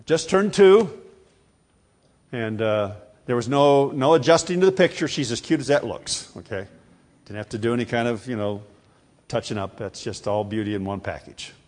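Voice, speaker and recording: An older man preaching a sermon to a congregation, emphatic and animated, calling on listeners to repeat phrases after him. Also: fairly low pitch, brisk. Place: before a live congregation.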